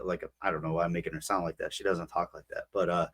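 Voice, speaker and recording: Young male podcast co-host, low voice, rambling casual storyteller. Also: steady tone, fast. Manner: rambling, filler-heavy storytelling. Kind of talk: casual chat.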